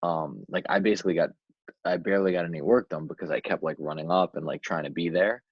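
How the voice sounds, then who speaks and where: A man with a very low, husky voice rambles through a casual podcast chat, full of restarts and fillers. The sound is dry and dull, a little lo-fi. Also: quick pace, no echo. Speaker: podcast co-host.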